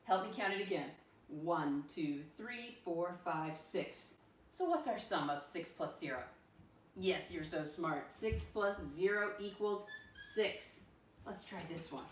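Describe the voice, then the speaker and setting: A woman teacher leading a first-grade math lesson, with a sing-song manner and slow letter-by-letter spelling. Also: lowish voice, far from the mic, a little hiss or hum. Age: adult with a son. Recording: echoey room, voice off-mic.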